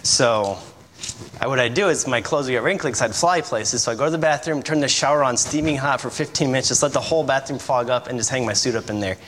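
This visiting missionary preacher, a man in his thirties, talks fast in a medium-pitched, fairly bright voice. His sermon in the church sanctuary is casual and chatty, full of jokes and laughs at his own expense. Church hall reverb and faint room noise can be heard.

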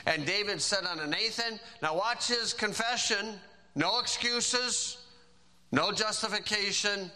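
A man preaching a sermon, reading scripture aloud and stressing key phrases with slow, drawn-out emphasis. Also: high voice, animated, pushed and bright, low-quality recording.

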